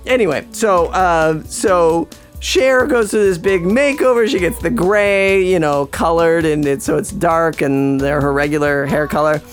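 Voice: mid-range voice, a little slow, faint music behind. A podcast host rambling casually about a movie, wry and full of restarts. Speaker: podcast host reviewing a film.

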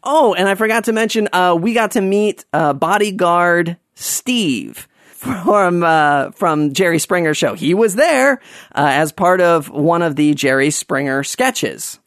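Rambling man telling a story, slightly high voice. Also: expressive, unhurried, fairly bright tone, dry recording, studio quality. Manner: rambling, many fillers and restarts. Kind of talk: casual anecdote telling.

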